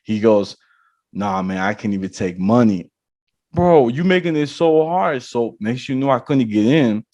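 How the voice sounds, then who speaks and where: A man's voice: medium pitch, unhurried, no room sound, dull audio. A man, a podcast host, casually telling a long story and acting out the people in it. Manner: animated storyteller acting out dialogue.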